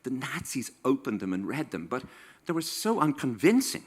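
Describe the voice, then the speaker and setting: A man's voice: mid-range voice, very animated, moderate pace, slightly rough. A man in his sixties with an Irish accent, an author telling comic stories to a live audience in a wry, playful way. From Ireland. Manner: wry, playful, acts out quoted voices. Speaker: author giving a stage talk. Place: stage in a small venue.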